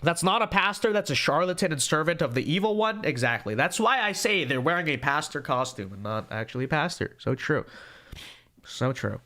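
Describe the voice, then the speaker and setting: Reading viewer super chats on his podcast livestream, this young adult host is fatigued yet chatty, sarcastic and jokey, repeating his catchphrases. He speaks a little high and fairly quickly, barely pausing, with big pitch swings and a bright, forceful tone.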